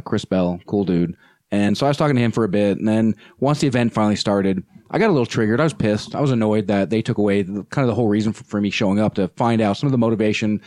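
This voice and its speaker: Animated man telling a story, dry sound. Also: fairly low pitch, no room sound. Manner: animated, many fillers and restarts. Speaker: nonprofit spokesperson, podcast guest. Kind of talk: casual storytelling on a podcast.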